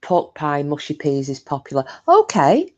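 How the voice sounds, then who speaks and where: A woman's voice: sits low, measured pace, a little mellow, lo-fi sound. A woman chatting casually with her live stream viewers, talkative and self-mocking, swearing freely.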